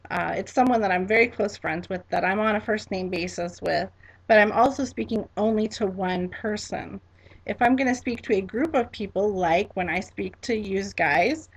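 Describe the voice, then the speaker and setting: A woman teaching a class, slow and patient, spelling each word letter by letter and repeating it for students to echo. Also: medium pitch. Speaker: French teacher. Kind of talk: classroom lesson.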